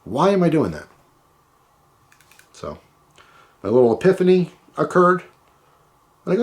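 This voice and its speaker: A middle-aged man from the United States talks in a loose storytime monologue. His voice sits slightly high for a man, and he rambles, repeating and restarting his phrases. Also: very animated, normal speed, pauses often. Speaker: vlogger.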